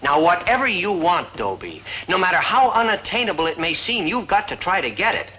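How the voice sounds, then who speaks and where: An actor playing a long-suffering high school teacher who lectures in a lofty, drawn-out way. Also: male voice, big pitch swings, sharp tone, exaggerated voice, low-quality recording. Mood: lecturing. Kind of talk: 1950s sitcom acting.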